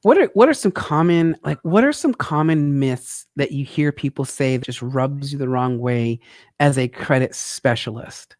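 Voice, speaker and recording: A woman hosting an interview in a bubbly, excitable way, laughing often and reacting with loud exclamations. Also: rumbling low, normal speed, no room sound, clean studio sound. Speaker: host. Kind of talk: casual interview chat.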